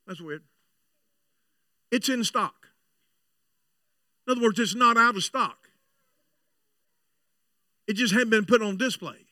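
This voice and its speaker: A man preaching at a church revival, swinging from chatty storytelling to loud shouting. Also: high voice, lively intonation, moderate pace, pauses often, no room sound, clean studio sound, recorded from a distance. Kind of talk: revival sermon. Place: church sanctuary.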